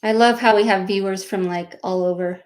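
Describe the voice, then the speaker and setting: Brief: young woman, mid-pitched, upbeat live-stream co-host who backs up her partner. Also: fairly even intonation, fairly quick, darkish tone. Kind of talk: casual live-stream chat.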